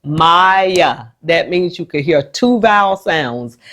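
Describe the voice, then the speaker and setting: Teacher lady talking slow and patient, lowish voice, explaining phonics to camera. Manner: slow, warm and patient, with lively jumps in pitch when acting out the classroom. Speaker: special education teacher.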